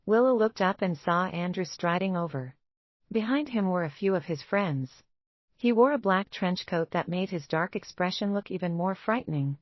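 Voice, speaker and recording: Low-voiced woman narrating a romance. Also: lively intonation, normal speed, dry recording, muffled recording.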